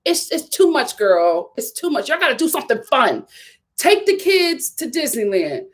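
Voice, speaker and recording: A woman's voice: high-pitched, sing-song, normal speed. A woman giving a sassy, emphatic live review of a reality TV show, often repeating her points for effect.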